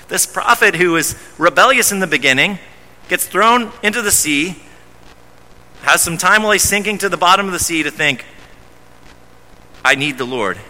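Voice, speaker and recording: A man's voice: high-pitched, expressive, moderate pace, pauses often, bright, forceful tone. A man preaching a sermon as pastor, emphatic and often repeating words as he starts phrases. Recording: long hall reverb.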